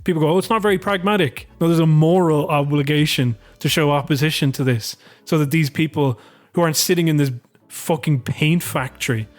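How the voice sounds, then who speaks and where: A man co-hosting a podcast, telling stories in a rambling, sweary, animated way. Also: on the high side, a little fast, hardly any pauses, faint music behind. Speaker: podcast co-host. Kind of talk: casual political chat.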